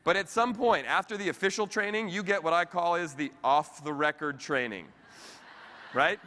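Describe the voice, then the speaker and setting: Guy doing a keynote in a big echoey hall, bright voice, kinda high, talks right to the crowd. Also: moderate pace, a little hiss or hum. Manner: lively, conversational, addresses audience directly. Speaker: keynote speaker. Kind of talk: motivational keynote talk. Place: convention hall with live audience. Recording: reverberant convention hall.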